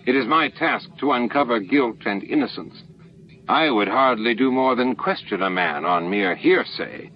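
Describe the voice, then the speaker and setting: A man's voice: medium pitch, normal speed, dull audio, lightly acted. A man doing Odo, a stern skeptical security chief. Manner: dry, sarcastic questioning. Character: stern shape-shifting male security chief, skeptical and sharp.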